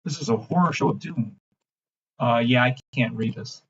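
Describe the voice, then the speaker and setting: A man hosting a trading livestream, ranting in a brash, mocking, profane way and swinging between loud outbursts and low mumbling. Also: normal speed, muffled recording, a little hiss or hum. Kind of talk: live-stream rant and chart reading.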